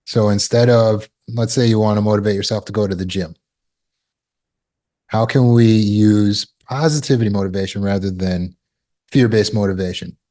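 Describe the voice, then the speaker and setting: A man's voice: on the low side, steady tone, moderate pace, warm tone. A man giving a motivational talk as a self-help teacher, emphatic and repetitive, explaining with everyday examples.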